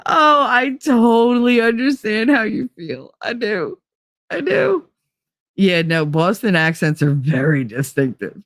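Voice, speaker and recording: A woman's voice: medium pitch, very animated, unhurried, no room sound, clean studio sound. A woman hosting a livestream talk show, chatting casually and reading viewer comments, blunt, swearing freely and laughing easily.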